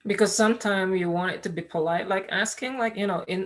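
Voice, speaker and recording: A woman's voice: mid-range voice, fairly quick. Hesitant woman student asking questions. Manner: hesitant, many fillers like "like".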